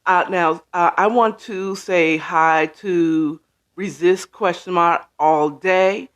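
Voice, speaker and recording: Man, casual live-stream host, high voice, unhurried delivery, greets viewers by name. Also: steady tone, fairly bright tone. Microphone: camera setup with ring light.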